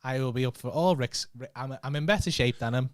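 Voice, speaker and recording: A man's voice: medium pitch, fast, no room sound, studio quality. A man with a Scouse accent, hosting a casual podcast chat and teasing his guest with plenty of swearing and laughter. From Liverpool. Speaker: podcast host.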